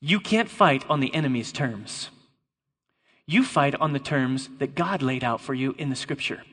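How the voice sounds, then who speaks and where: A man preaching a lively sermon to a congregation, playful and emphatic, joking with volunteers. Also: medium pitch, moderate pace, breathy edge. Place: church hall before a congregation. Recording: long reverb of a large hall.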